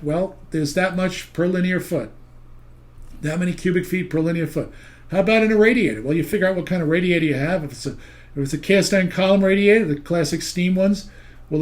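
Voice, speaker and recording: A man's voice: high voice, a little mellow. An older man teaching a seminar, telling stories and cracking wry jokes. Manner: folksy storytelling, wry jokes to the audience. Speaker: seminar instructor on steam heating. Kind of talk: recorded seminar lecture.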